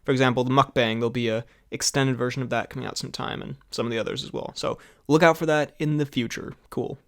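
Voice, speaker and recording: A man's voice: mid-range voice, fairly even intonation, fast, fairly bright tone. A man co-hosting a podcast in casual chat at a friend's home, joking and laughing often. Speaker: podcast co-host.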